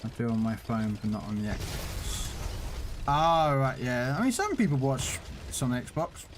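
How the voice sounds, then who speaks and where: A man's voice: medium pitch, very animated, measured pace, noisy background. A man chatting casually while streaming a tank game, laughing at his own stories. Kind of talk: casual gameplay commentary.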